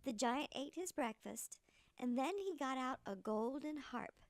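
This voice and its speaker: An older woman reads a children's story slowly, and her voice rises and falls with lots of life. Her voice is a little high and gravelly. The recording is close and dry. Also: dry recording. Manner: animated, slow storytelling with voiced quotes.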